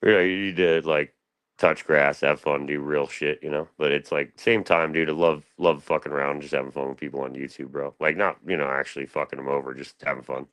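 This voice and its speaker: A young man with a drawl and an extremely low, deep voice. He rambles through casual stories in a slangy, loose way, full of fillers and asides. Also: flat delivery, a little fast, a bit bright. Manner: laid-back, slangy, loose storytelling with lots of fillers. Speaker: guest on a live panel stream.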